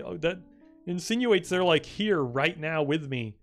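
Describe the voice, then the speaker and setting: A young man streaming a video game and commenting casually, excitable and rambling, swearing often and filling his speech with "like". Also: on the high side, normal speed, faint music behind.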